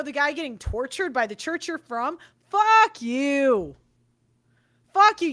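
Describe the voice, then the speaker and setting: A young woman with a high, bright voice rants into the mic as a podcast host. She swears freely and circles back to the same points again and again. Her delivery is heated and blunt. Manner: swearing, ranting, repeats herself. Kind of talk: angry monologue.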